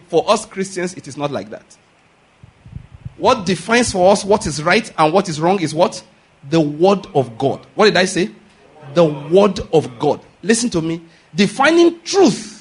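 A male pastor preaching with a high-pitched, husky voice. He drives his points home by firing questions at the congregation and repeating key lines. The delivery is insistent and emphatic. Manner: emphatic, drills points with call-and-response questions. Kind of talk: sermon.

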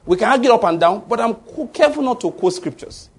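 A man's voice: very high voice, expressive, quick pace, slightly rough. A man preaching a sermon, often asking the congregation fill-in-the-blank questions. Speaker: pastor.

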